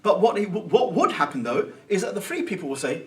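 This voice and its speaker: A man giving an informal Islamic Sunday talk, conversational and thinking out loud, with Arabic phrases mixed in. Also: sits high, sing-song, fast, few pauses, distant mic, slight background noise. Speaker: Islamic teacher. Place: Islamic centre hall.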